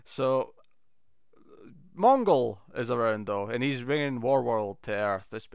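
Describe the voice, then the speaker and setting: A man talks through an episode with his co-host in lively, animated bursts, jumping into little acted-out lines along the way. His voice comes through smooth and clean on a close, dry mic with almost no room sound. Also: medium pitch, slow pace, no echo. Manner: animated, enthusiastic, quotes scenes in bursts. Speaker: podcast co-host. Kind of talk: casual chat.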